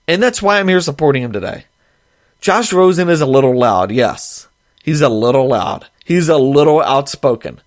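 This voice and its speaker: A man's voice: mid-range voice, expressive, normal speed, no echo, studio quality. A man hosting a sports podcast, delivering an emphatic, sarcastic opinion monologue. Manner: emphatic, sarcastic, mocks others in quoted voices. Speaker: podcast host.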